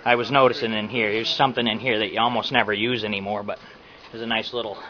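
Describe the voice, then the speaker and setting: A man hosting a video, giving a relaxed, casual tour of a dyno shop, with plenty of ums and uhs. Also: fairly low pitch, fast talker. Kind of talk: casual walkthrough narration. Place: indoor dyno shop, crowd of people around. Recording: lo-fi camera audio with crowd chatter.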